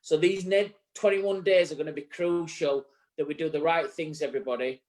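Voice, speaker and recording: Co-host, Yorkshire man, slightly high voice, earnest and rambling, casual live chat. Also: fairly even intonation, moderate pace, a little mellow. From England. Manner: earnest, rambling, occasionally swearing. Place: bar set.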